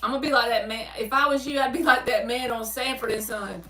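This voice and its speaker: A woman's voice: fairly high pitch, fast, distant mic, background noise. A woman with a Southern US accent chatting casually on a livestream, reading out viewer comments and answering them with easy laughs. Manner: laughs easily, animated storytelling. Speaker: tarot reader hosting a livestream. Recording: roomy sound, speaker away from the mic.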